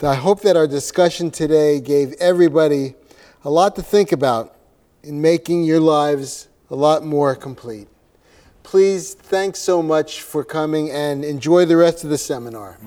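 Male seminar host, warm, somewhat high voice, earnest and measured. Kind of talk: closing remarks at a seminar.

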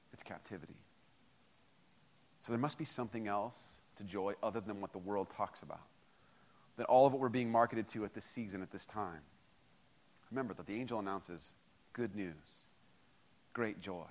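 A man delivering a sermon in a voice pitched a little higher than most men's. He tells stories animatedly, playing out both sides of a conversation. He drops low and quiet to drive home his points. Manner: animated storytelling, acts out both sides of a phone call. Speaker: pastor.

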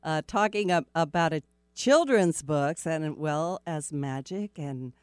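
A woman's voice: deep voice, expressive, slow, clean tone, no room sound. A middle-aged woman hosting a radio show, chatting casually, laughing easily and rambling a little. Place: radio studio. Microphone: studio microphone.

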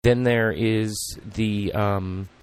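A man's voice: lowish voice, steady tone, extremely slow, clean tone, no echo. Rambling man with a dry sound. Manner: rambling, filler-heavy and reflective. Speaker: podcast host. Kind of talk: casual chat.

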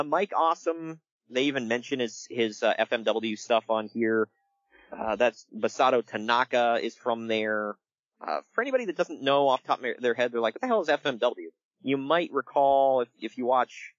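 A man hosting a casual podcast, telling stories in an animated way and laughing along. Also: on the low side, no room sound, highs cut off. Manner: animated storytelling with laughs and quick impressions. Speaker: podcast host. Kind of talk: casual wrestling podcast chat.

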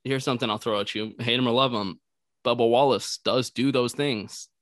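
A man's voice: mid-range voice, steady tone, normal speed, no echo, clean studio sound. A man co-hosting a casual podcast chat, laid-back and agreeable, with opinionated asides. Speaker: podcast co-host.

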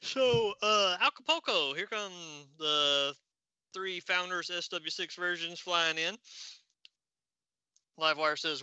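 A man's voice: high voice, takes it slowly, pauses often, pushed and bright, smooth, no room sound, highs cut off. A man co-hosting a podcast, casually reading a comic aloud with many fillers. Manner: narrates with fillers like "and, uh". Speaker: podcast co-host.

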